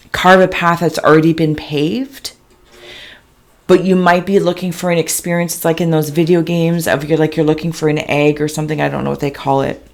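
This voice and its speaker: A woman giving a slow, halting spiritual reading, describing visions in a soft, emotional, dreamy way. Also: sits low. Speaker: intuitive reader.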